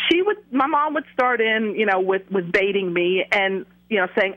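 Halting woman sharing testimony, muffled. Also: on the high side, animated. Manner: halting, many fillers and repeats. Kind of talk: personal testimony on radio.

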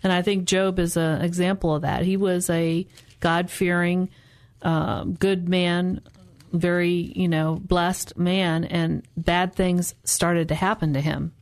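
A woman co-hosting a casual Bible study discussion, calm and reflective. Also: on the low side, takes it slowly. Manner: calm and reflective, agreeing with short murmurs.

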